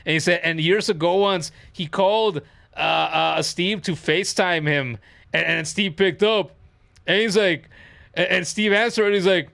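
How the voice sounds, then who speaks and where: A man in his thirties chats casually while streaming a game, rambling, swearing, and laughing as he tells funny stories. His voice sits high, unhurried and gravelly with a sharp tone, and there's no room sound.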